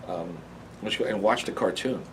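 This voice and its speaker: A man being interviewed, telling animation stories in a lively, casual way, often laughing and briefly acting out cartoon voices. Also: fairly low pitch, moderate pace, slight background noise.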